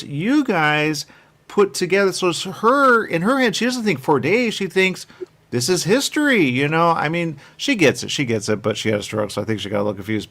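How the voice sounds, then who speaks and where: A man interviewing filmmakers, chatty and rambling, telling animated stories. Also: a little high. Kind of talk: festival interview.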